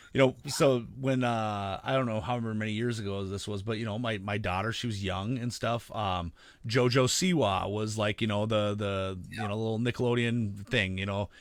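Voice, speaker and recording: A man's voice: fairly low pitch, fairly even intonation, moderate pace, no room sound. A man in his thirties rambling through a casual podcast chat, packed with "you know" and false starts. His talk is loose and profane. The sound is dry and close, with no room in it. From Midwestern United States. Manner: rambling, many fillers and restarts, profane. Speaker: podcast co-host.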